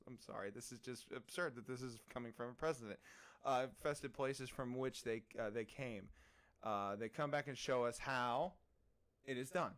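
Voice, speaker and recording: A young man co-hosting a relaxed podcast, joking and laughing through his talk. He reads posts aloud and breaks off into mocking asides. His voice sits in an ordinary middle pitch. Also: measured pace, clean tone. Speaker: podcast co-host. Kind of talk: casual podcast chat.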